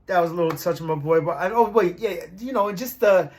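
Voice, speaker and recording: A young man vlogging about his team in a loose, slangy ramble. His voice runs a little higher than most men's. Every so often he breaks into loud, hyped-up shouts before settling back into easy chatter. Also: fast. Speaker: sports fan vlogger. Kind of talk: casual fan commentary.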